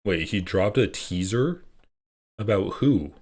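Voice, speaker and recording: A man's voice: on the low side, lively intonation, slow, darkish tone. A man live-streaming his reactions to online clips, sarcastic and profane, often laughing as he talks. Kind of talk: casual live-stream commentary.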